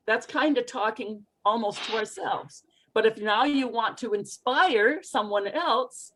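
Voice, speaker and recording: A woman coaching English pronunciation in an online group lesson, expressive and encouraging as she models phrases for learners to repeat. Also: a little high, unhurried, slightly rough, low-quality recording.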